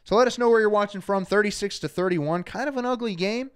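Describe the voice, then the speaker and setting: A man hosting a live fan talk show from a studio, energetic and reading out viewers' names. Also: high-pitched, fast, clean tone. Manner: energetic, shouts out viewers by name. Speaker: show host. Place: studio under hot lights.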